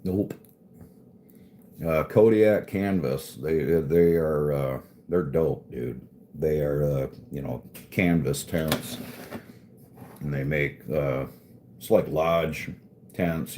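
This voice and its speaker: Male streamer, low mellow voice, unhurried and profane, faint room hum. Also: steady tone. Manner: laid-back, profane, joking, reads chat aloud. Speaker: livestream host chatting with viewers. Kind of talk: casual live-stream chat.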